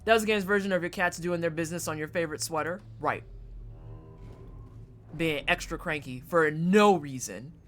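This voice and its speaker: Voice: normal speed, fairly bright tone, a little hiss or hum. A streamer giving casual, profane commentary while playing a game and chatting with viewers. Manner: profane, chatty, jumps into high-pitched silly voices.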